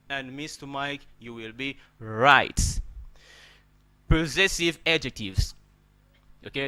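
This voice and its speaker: Bright-voiced man teaching word stress. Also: mid-range voice, slow, pauses often, clean tone. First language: not English. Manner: repeats words and asks "okay?" often, preachy and encouraging; addresses listeners as brother. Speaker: English teacher. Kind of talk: spoken pronunciation lesson.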